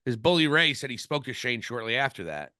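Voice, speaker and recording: Male podcast co-host, rambling and opinionated; bright tone, dry recording. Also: medium pitch, big pitch swings, a little fast, no room sound. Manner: opinionated, rambling, frequent restarts. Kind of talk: casual wrestling podcast chat.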